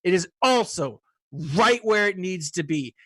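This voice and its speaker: A man's voice: sits high, animated, a little slow, bright, forceful tone, no echo. A man guest on a casual group chat, talkative and apologetic about talking too much. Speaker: guest panelist.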